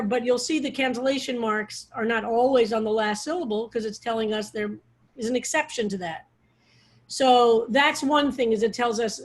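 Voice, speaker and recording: A woman rabbi teaching a study group on a video call, explaining in a loose, digressive way with frequent restarts. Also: on the high side. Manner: digressive, restarts often, talks over her own phrasing.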